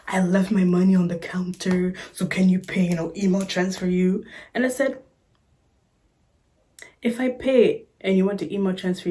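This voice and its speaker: A woman's voice: mid-range voice, mellow. A woman vlogger telling a story in a casual chat, sassy and exasperated, recorded on a phone camera.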